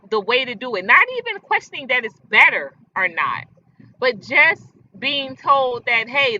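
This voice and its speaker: A woman's voice: fairly high pitch, pushed and bright. A woman hosting a casual livestream from outdoors, chatty and emphatic, talking straight to her viewers. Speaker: livestream host. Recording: dull lo-fi outdoor audio with faint noise.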